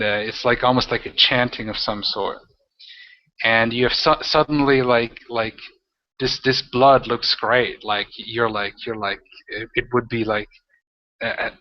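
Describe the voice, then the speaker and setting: A man narrating as game master of a tabletop role-playing game, talking in halting, rambling bursts with many restarts. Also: medium pitch, steady tone. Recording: dull lo-fi audio.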